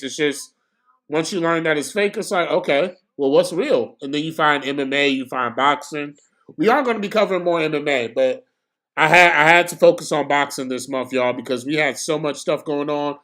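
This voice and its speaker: A young man giving casual, slangy live commentary on a boxing match for his stream, excitable and prone to bursts of shouting. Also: a little high, normal speed.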